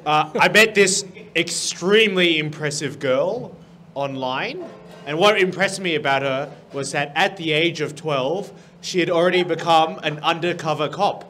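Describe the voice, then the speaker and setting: A man's voice: a little high, measured pace, pushed and bright, slight background noise. A man guest at a comedy show, telling jokes in an amused, laughing manner.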